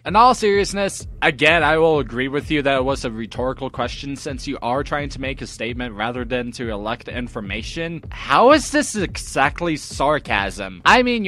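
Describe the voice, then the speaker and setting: A man's voice: a little high, fairly bright tone. A young man giving a reaction commentary, arguing back with exasperated rebuttals. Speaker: commentary host.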